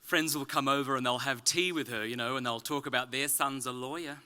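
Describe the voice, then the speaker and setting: A man from Australia with a softened Australian accent gives a public talk at a conference, with wry, self-deprecating humor. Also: medium pitch, fairly quick, clear, resonant tone. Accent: Australian, softened toward British. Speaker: conference speaker. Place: conference stage.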